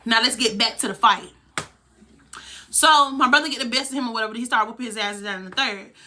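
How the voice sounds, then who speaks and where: A woman's voice: on the high side, fairly quick, bright, forceful tone. A young woman vlogger telling a heated, profane story from her own life. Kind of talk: storytime vlog.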